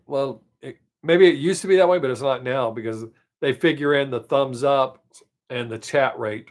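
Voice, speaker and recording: A man's voice: medium pitch, moderate pace. Joking man chatting on a live stream. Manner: joking, rambling, self-mocking. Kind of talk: casual live-stream chat with viewers.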